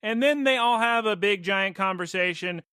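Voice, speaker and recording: A man's voice: high-pitched, normal speed, pushed and bright, clean tone, dry recording, clean studio sound. A man co-hosting a podcast, casually recapping an episode in a chatty, joking way. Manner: chatty, jokey storyteller, playfully acting out characters' lines. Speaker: podcast co-host.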